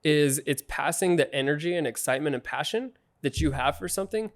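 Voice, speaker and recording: A man speaking as a podcast guest, laying out his points directly and with emphasis. He talks quickly, in a voice a little higher than most men's. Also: animated. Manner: direct, emphatic, explains plainly. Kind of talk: casual interview chat.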